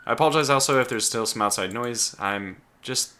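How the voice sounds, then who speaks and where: Brisk and sharp-toned, this mid-range male voice narrates a let's play. He thinks aloud as he goes, tripping into restarts and letting out sudden exclamations, while keyboard clicking carries on in the background.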